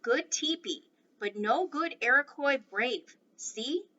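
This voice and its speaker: A proud, stern tiny warrior man, put on by a woman reading a storybook aloud speaks in loud, clipped broken phrases. The voice sits high and bright. It comes from some way off the mic, dull and lo-fi with a faint hiss behind. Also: animated, slow, distant mic, full character voice.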